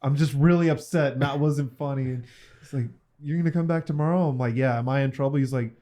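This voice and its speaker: Young dude on a podcast, warm mellow voice, tells stories and cusses a bunch. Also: male voice, mid-range voice, fast. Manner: animated storyteller, swears often. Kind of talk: casual podcast chat.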